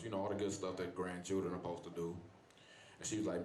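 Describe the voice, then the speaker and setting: A man's voice: sits low, level tone, fast, slight background noise. A man performing a stand-up set, telling loose, profane stories and talking back to the crowd. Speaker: stand-up comedian. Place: bar comedy stage. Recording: echoey club with loud crowd. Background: crowd laughing.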